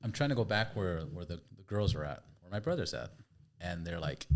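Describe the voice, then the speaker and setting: A man with a very deep voice, the host of a podcast, tells a story in a relaxed, lively way. He acts out the voices and sounds in it. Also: fairly quick. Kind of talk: casual storytelling.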